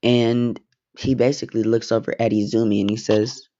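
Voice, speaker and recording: A man's voice: medium pitch, level tone, moderate pace, vocal fry, dark tone, muffled recording. A young man casually narrating a fan story, with offhand, rambling asides and swearing.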